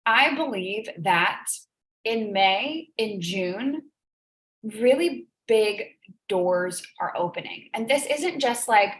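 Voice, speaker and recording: A woman's voice: mid-range voice, animated, takes it slowly, fairly bright tone. A woman hosting a live business coaching stream, talking earnestly and emotionally, repeating phrases for emphasis. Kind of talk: live-stream motivational talk. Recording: echoey room.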